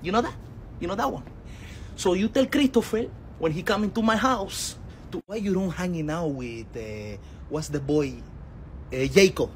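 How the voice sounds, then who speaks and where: A man's voice: high-pitched, expressive, normal speed, slight background noise, low-quality recording. A man, a comedian teasing a friend in broken English in a skit.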